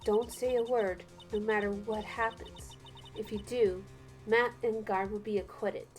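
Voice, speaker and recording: A woman voicing a cool, composed male prosecutor with a lowered, measured delivery, as part of a game voice reading. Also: steady tone, soft background music, lightly acted. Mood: explaining. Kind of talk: let's play voice reading.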